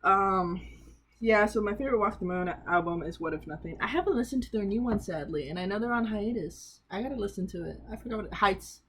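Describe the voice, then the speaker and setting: A woman's voice: medium pitch, a little fast, a bit bright, slightly rough. A young woman vlogging in a casual, rambling way, poking fun at herself and laughing often as she shows off her collection. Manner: chatty, rambling, self-mocking, laughs often. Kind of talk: casual chat showing off a collection.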